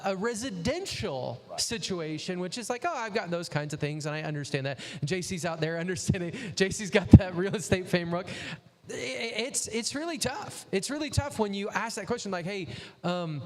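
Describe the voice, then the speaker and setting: A man's voice: high-pitched, animated, moderate pace, a little mellow, in a large hall. A male host in casual chat, giving advice and acting out quoted exchanges. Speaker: interviewer host.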